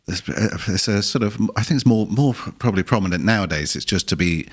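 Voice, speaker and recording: A man's voice: on the low side, fast. A man co-hosting a podcast, talking things through casually with restarts. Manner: animated, thinking aloud with restarts. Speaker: podcast host.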